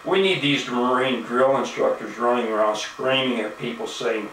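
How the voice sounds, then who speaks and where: A man's voice: mid-range voice, normal speed, gravelly, few pauses, a bit bright, slight background noise. A man delivering an angry, profane video-blog rant, full of indignation and "you know" fillers. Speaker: video blogger. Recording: echoey room, mic at a distance.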